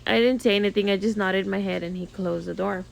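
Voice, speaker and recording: A woman's voice: medium pitch, fairly even intonation, brisk, gravelly. A woman who works as a nail technician tells a story casually, with lots of fillers. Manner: chatty, filler-heavy retelling. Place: home studio.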